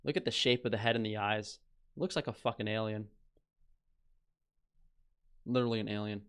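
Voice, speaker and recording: A man's voice: fairly low pitch, fairly even intonation, moderate pace, a bit bright, clean tone. A young man streaming, ranting with scorn and heavy swearing as he reads headlines aloud. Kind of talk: casual ranting commentary.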